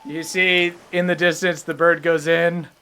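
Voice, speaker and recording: Relaxed tabletop game master narrating. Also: medium pitch, unhurried, smooth.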